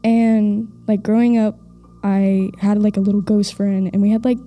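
A woman's voice: mid-range voice, little pitch movement, normal speed, warm tone, faint music behind. A young woman from Oklahoma telling a story on a live stage. She rambles with many fillers and laughs nervously. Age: young adult. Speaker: audience member telling a story. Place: stage of a live event in a castle.

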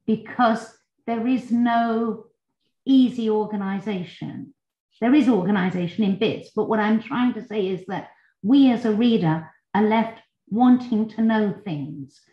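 A woman from England in a book club discussion on a video call, earnest, apologetic, and enthusiastic about the novel. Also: medium pitch. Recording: dull, echoey video-call audio.

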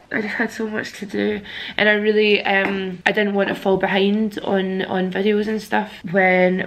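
A young Scottish woman, sick and a bit weary, chatting candidly to camera in a casual vlog. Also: on the low side. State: sick and congested. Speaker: vlogger.

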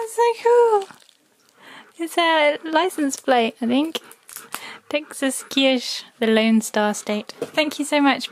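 A woman with a high voice talks casually at home, breaking into a sing-song coo for her dog. There is clear background noise, with the dog moving around nearby. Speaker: vlogger opening fan mail with her dog. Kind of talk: casual chat.

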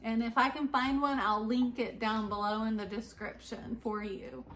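A woman's voice: on the high side, fairly even intonation, normal speed, fairly bright tone, slight background noise. A woman giving casual, rambling advice to new authors, with fillers and restarts along the way. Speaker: writing vlogger giving advice. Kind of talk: casual advice talk to camera.

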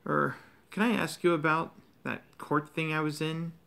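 A man reading aloud, voicing a curious, anxious teenage boy wizard a little higher and quicker than his own voice. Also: steady tone, creaky, fairly bright tone.

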